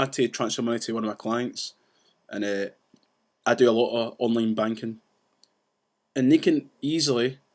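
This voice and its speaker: Man, casual vlog rant, fast, rambling, restarts often. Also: medium pitch. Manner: says he talks fast. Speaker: vlogger.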